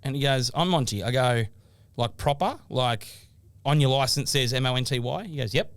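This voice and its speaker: An Australian man in his thirties co-hosting a podcast, telling stories with animated energy and mock sternness. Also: medium pitch, moderate pace, clean tone, dry recording. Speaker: podcast co-host. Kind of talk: casual banter.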